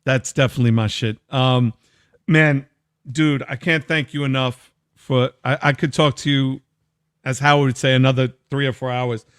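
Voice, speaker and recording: A man with a clear, smooth voice hosts a relaxed interview and chats loosely with his guest. He breaks off now and then to read out listener comments. The sound is dry and close. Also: mid-range voice, moderate pace, dry recording. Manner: loose, chatty, reads listener comments aloud. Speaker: host. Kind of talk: casual interview chat.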